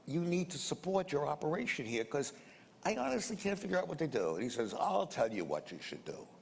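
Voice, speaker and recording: A man's voice: medium pitch, sing-song, fast, gravelly. An older man being interviewed, telling a rambling story in colloquial speech that repeats sound words. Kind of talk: anecdotal storytelling. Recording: reverberant room with faint noise.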